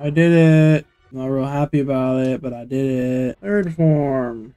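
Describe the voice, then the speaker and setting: A young man giving let's-play commentary, excitable and swearing often as he rants at the game he is playing. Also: medium pitch, unhurried, few pauses, clear, resonant tone. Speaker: gaming YouTuber. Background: faint game music.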